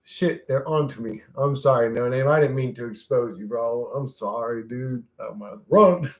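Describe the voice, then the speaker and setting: A man's voice: mid-range voice, moderate pace. A man casually chatting on a livestream, reading chat aloud, laughing often and swearing freely as he jumps from topic to topic. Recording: roomy echo.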